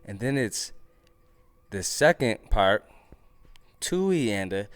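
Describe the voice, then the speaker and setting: A man teaching a drum lesson in a relaxed, chatty way, counting rhythms out loud. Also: on the low side, slow, dry recording.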